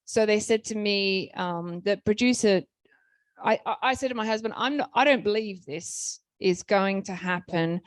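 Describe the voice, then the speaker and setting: A woman's voice: medium pitch, normal speed. An Australian woman in the middle of her range tells chatty stories on a panel. She acts out the voices of people in her stories and trips over her words as she goes. The sound is dry and close, with no room echo. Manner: lively storytelling, acts out quoted people, frequent restarts. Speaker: author on a panel. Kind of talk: anecdotal panel talk.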